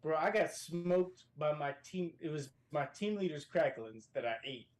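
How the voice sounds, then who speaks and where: Profane, lively storytelling man. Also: on the high side, normal speed. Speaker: podcast guest. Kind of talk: casual podcast chat. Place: hotel room.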